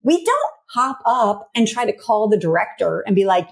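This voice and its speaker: Animated, chatty woman coaching parents. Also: mid-range voice, normal speed, creaky. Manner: animated storyteller, acts out voices in anecdotes; chatty with frequent "like" and "you know". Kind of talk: casual podcast conversation.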